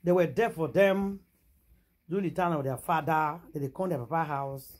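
Husky Nigerian woman telling gossip. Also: low-pitched, normal speed. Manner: animated, exclamatory, mixes Pidgin and English. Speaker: gossip vlogger. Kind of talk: casual gossip storytelling.

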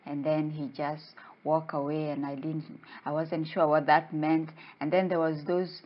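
A woman's voice: sits low, level tone, a little slow. Chatty woman vlogger, slightly muffled. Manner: chatty, playful narration. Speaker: travel vlogger. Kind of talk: casual storytelling vlog.

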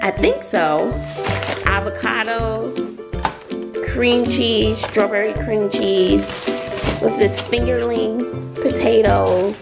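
A woman's voice: on the high side, gravelly. A chatty woman with a Southern US accent talks to her camera in a casual vlog. She laughs easily and speaks straight to her viewers. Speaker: vlogger.

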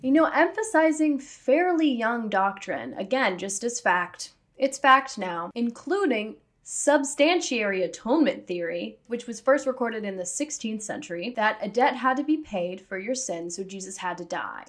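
Sassy, animated woman vlogger. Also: a little high, measured pace. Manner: sassy, self-aware. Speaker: video essayist. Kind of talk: casual commentary to camera.

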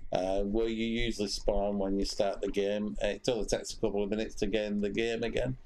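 A man's voice: fairly low pitch, flat delivery, brisk, creaky, a little mellow, a little hiss or hum. A man giving casual commentary while streaming a fishing game, rambling with many fillers and restarts.

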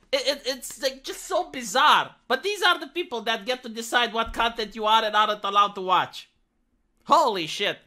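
Woman, from Romania, sarcastic ranting vlogger, swears a lot, very animated pitch. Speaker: commentary vlogger. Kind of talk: ranting commentary.

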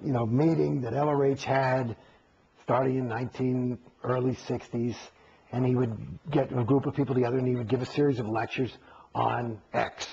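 Gravelly, husky man telling a story. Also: medium pitch, moderate pace, muffled recording. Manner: profane, animated, acts out quoted exchanges. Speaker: interviewee. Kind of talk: candid interview storytelling.

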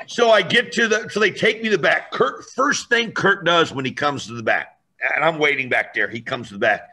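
A man telling a story in a lively, animated way, acting out voices and raising his voice for effect. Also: fairly high pitch, brisk.

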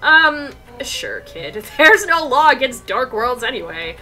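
Woman putting on a brash cop lady, loud and shouty, bright sharp voice, lively swoops, game character. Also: high voice, takes it slowly, faint music behind, voice pushed up, exaggerated voice. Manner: shouty, rough, excitable. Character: brash loud female police chief, hot-headed.

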